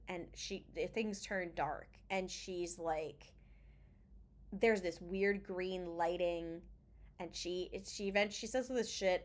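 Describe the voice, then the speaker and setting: A woman with a fairly low voice co-hosts a podcast, recapping an episode in a casual, animated way, acting out the characters' lines and swearing freely.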